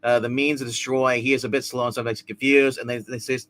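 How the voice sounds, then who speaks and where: A man's voice: medium pitch, level tone, fast talker, fairly bright tone. A man hosting a casual live-stream comic book review, talking in a loose, rambling way with many restarts and fillers. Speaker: host of a comic review show.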